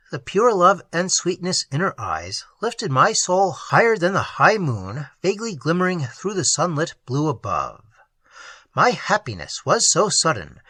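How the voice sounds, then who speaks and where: Casting: expressive story narrator, breathy, dry close sound. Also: no echo. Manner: expressive reading with sweeping pitch swings. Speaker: audiobook narrator. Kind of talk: dramatic audiobook narration.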